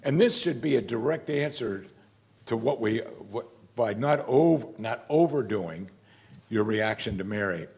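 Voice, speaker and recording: A man's voice: lowish voice, expressive, unhurried, creaky, a little mellow. A man preaching a sermon as pastor, talking in a conversational, emphatic way and often saying "you see".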